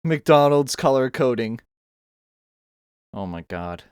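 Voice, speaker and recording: A man's voice: mid-range voice, lively intonation, takes it slowly, clean tone, no echo, clean studio sound. A young man streaming from home, chatting casually and rambling while he draws, joking and poking fun at himself. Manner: rambling, joking, self-mocking. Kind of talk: casual chat while drawing.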